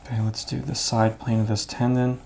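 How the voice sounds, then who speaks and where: A man explaining his drawing steps out loud as he works, in a relaxed, thinking-aloud way. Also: mid-range voice, a little fast, gravelly, slight background noise. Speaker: art instructor. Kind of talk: drawing demonstration.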